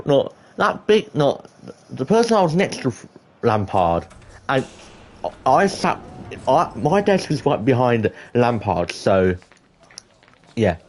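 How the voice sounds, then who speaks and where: A teenage boy telling a school story to camera in an excitable, rambling way, full of restarts and exclamations. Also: mid-range voice, slow, pauses often. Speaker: vlogger.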